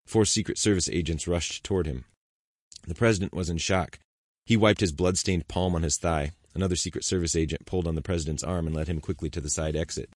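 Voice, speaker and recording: Deep-voiced male audiobook narrator. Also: fairly even intonation, fairly quick, dry recording, studio quality. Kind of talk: scripted narration.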